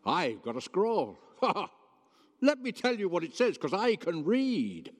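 A man putting on a gloating, high-pitched scroll reader. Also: sing-song, slow, in a large hall, full character voice. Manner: mock-superior, teasing. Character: smug boastful male ancient scroll reader.

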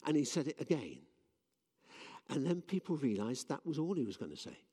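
A man's voice: a little high, very animated, fairly quick, warm tone, husky. A man giving a sermon, telling stories earnestly with frequent restarts, in a church. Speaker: preacher. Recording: long reverb of a church hall.

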